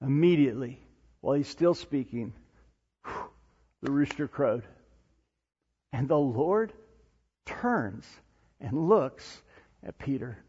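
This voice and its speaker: A man preaching a sermon, swinging between loud, emphatic passages and low, hushed ones. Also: slow pace, long pauses, breathy edge. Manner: animated preaching, rising to near-shouts then dropping low and soft. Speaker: pastor. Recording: dull lo-fi sound in a reverberant hall.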